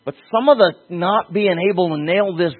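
A man preaching a sermon, emphatic, with sudden leaps in pitch and slowed-down stresses on key words. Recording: husky voice over a tinny phone-like line.

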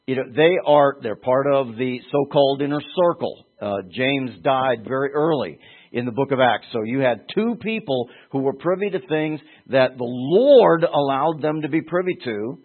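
Husky-voiced preacher on a tinny line. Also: male voice, mid-range voice, animated, normal speed. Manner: conversational, emphatic, rhetorical questions. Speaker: preacher teaching from scripture. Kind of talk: sermon, Bible teaching. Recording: tinny phone-like sound.

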